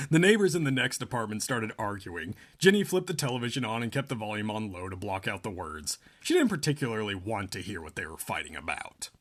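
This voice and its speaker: A man's voice: fairly low pitch, big pitch swings, brisk, a bit bright. A man co-hosting a podcast, reading a novel aloud and often breaking off to laugh and joke. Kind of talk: casual chat and comic read-aloud.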